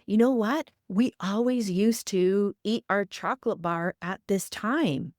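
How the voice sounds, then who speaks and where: A woman's voice: medium pitch, measured pace, darkish tone, dry recording, studio quality. A woman hosting a tarot forecast podcast, talking through the cards with repeated encouraging affirmations. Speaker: tarot reader and podcast host.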